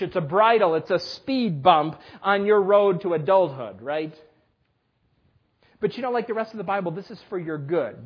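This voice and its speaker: A man's voice: fairly high pitch, slightly rough. A man in his thirties preaching a sermon, talking directly and conversationally to the children in a church service. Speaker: pastor. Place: church sanctuary. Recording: dull lo-fi sermon recording.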